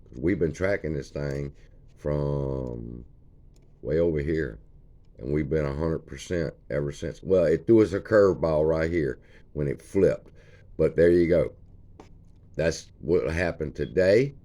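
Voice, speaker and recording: Very deep-voiced folksy man. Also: mellow. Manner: folksy, points at chart features as he talks. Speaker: stock channel host. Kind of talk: casual screen-share chart walkthrough.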